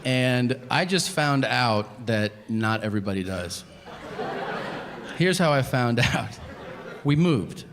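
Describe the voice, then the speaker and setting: A man in his thirties doing a stand-up comedy set, telling animated stories and acting out both sides of each conversation. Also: medium pitch, takes it slowly, long pauses, crowd noise. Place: comedy venue stage with audience laughter. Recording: live stage audio with audible background noise.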